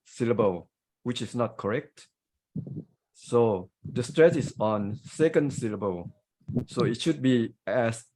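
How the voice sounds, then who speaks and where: A man's voice: mid-range voice, darkish tone, rough recording. A man with a Thai accent giving grammar and pronunciation feedback as a club grammarian on a video call, explaining carefully with examples.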